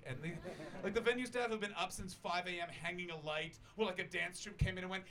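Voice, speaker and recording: His voice is high, bright and forceful, and he talks fast with few pauses over slight background noise. A Canadian comedian at a small festival venue, he tells a long, rambling story at his own expense, swearing freely and impersonating the people involved.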